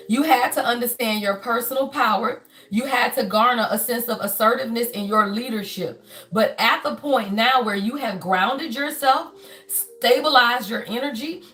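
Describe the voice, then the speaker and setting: A woman's voice: on the high side, fairly bright tone. A woman in her fifties giving a spiritual reading to her viewers, preachy and emphatic, swearing freely and repeating her points. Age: 50s. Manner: emphatic and preachy, profane, repeats phrases for the audience. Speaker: spiritual reader and life coach.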